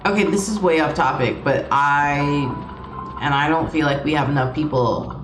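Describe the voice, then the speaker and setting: A woman's voice: deep voice, moderate pace. A woman streaming a video game, chatting casually in rambling, playful asides. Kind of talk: casual gameplay commentary. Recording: echoey room with game music.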